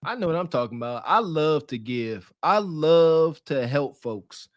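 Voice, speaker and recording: A man's voice: fairly high pitch, animated, measured pace, no echo. A man co-hosting a podcast, giving blunt, slangy, preachy commentary. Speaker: podcast co-host.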